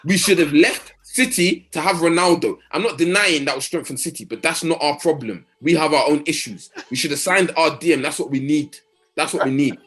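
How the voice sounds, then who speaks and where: A man's voice: fairly high pitch, a little fast, a bit bright. A young man ranting about football, fired up and swearing, firing off rhetorical questions. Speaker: co-host. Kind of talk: heated casual football rant.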